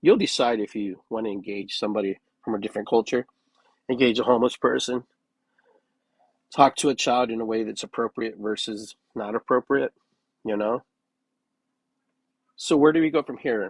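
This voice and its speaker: A man's voice: mid-range voice, normal speed, breathy edge, no room sound, rough recording. A man hosting his own podcast, talking through his thoughts in an earnest, musing way and repeating phrases with changing inflection. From United States. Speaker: podcast host. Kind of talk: reflective solo podcast monologue.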